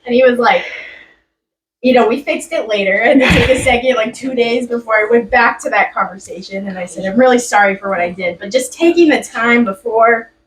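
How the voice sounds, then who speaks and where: A woman's voice: on the high side, fairly quick, roomy sound, distant mic, slight background noise, poor audio. A young woman in a class, telling a personal story in a chatty way with many fillers and laughs. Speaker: student sharing a story.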